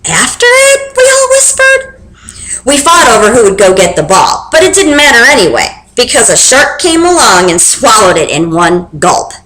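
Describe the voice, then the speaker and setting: A young woman reading a children's book aloud with expressive, animated storytelling. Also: on the high side, noisy background. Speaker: reader. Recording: roomy echo.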